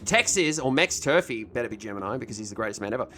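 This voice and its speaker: Excitable, swearing let's-play guy. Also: medium pitch, racing, slight background noise. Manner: excitable, joking, swears a lot; loud mock voices and shouting bits. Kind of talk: casual gameplay commentary.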